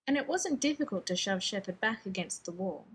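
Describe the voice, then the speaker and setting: A woman narrating a fan fiction audiobook in a brisk, wry storytelling manner. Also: medium pitch, lively intonation, breathy edge. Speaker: reader.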